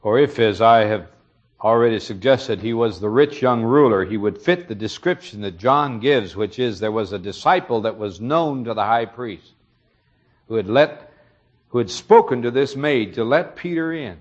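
A man's voice: medium pitch, lively intonation, normal speed, dull audio. A man preaching a sermon, retelling a story earnestly and explaining it, his emphasis rising on key moments.

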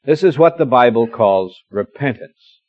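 A middle-aged man preaches through a scripture passage, lingering on key words and slipping in wry asides. His voice has a medium pitch. The recording is dull and dry, like an old cassette. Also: lively intonation, no echo. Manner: warm storytelling, gently humorous, reads scripture slowly. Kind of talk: expository sermon.

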